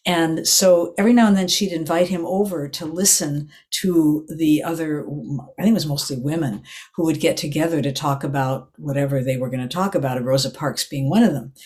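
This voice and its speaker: Older woman, meditation teacher, unhurried reflective dharma talk, often restarts her sentences. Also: low voice, a little mellow. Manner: meandering storytelling, restarts and self-corrections.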